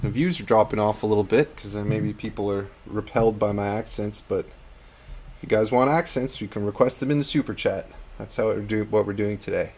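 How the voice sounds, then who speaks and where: A man's voice: lowish voice, fairly even intonation, fairly quick, darkish tone. A man hosting a live hobby-painting stream, chatting casually and laughing at himself. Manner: chatty, self-deprecating, laughs often. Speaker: host.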